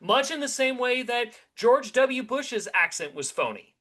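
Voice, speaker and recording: A man's voice: very high voice, sing-song, unhurried, a bit bright. A man co-hosting a podcast, chatting casually and rambling animatedly through his opinions with many restarts. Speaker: podcast co-host.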